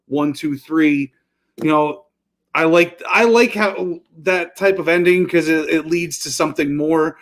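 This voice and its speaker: A man under forty, a podcast co-host, recapping matches in relaxed chat with fillers. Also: a little high. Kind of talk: casual wrestling podcast chat.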